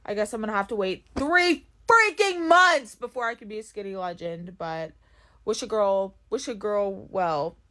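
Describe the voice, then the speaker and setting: A woman's voice: mid-range voice, expressive, normal speed, fairly bright tone. A woman telling a casual, chatty personal story with sarcastic, self-deprecating jokes. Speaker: storytime TikToker.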